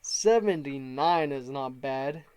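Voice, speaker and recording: A man's voice: mid-range voice, animated, slow, a little mellow, clean tone. A man casually narrating his wrestling management game, reading out the promos and rating each segment. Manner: reads out promo quotes in a slightly raised voice, rates segments.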